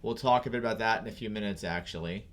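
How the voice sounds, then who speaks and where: A man's voice: fairly low pitch, fast talker, slight background noise. A young man co-hosting a casual gaming livestream, teasing and rambling in loose chat. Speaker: podcast co-host.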